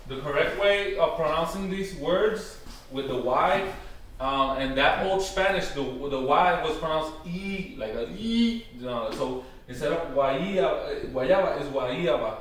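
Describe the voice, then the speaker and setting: In a workshop room, a presenter on Taíno tradition talks informally to a live group, his voice a little high and fairly bright. He hesitates a lot, says "um" and "you know" often, and slows to spell words out. The sound is very echoey and distant from the mic, with faint background noise.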